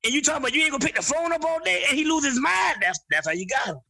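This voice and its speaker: A man's voice: extremely high pitch, very fast, a crowd in the background. A man as a podcast guest in casual chat, talking bluntly with plenty of profanity and acting out little stories. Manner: blunt, profane, animated storytelling.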